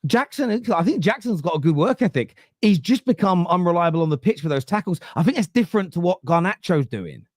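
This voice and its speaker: Swearing East London football podcaster. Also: male voice, high-pitched, brisk, few pauses, no echo, studio quality. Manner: animated storyteller, swears freely, acts out quotes. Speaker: podcast host. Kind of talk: casual football podcast chat.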